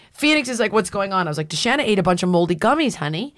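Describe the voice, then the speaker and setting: A middle-aged woman hosting a podcast tells a story in casual chat, animatedly acting out what people said. Her voice is medium-pitched, and she talks fast with few pauses.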